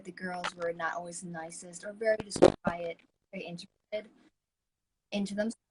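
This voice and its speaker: Woman, co-host, casual chat, animated storyteller, mid-range voice, faint background noise. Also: mid-range voice, rough recording. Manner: animated, chatty, acts out quoted people.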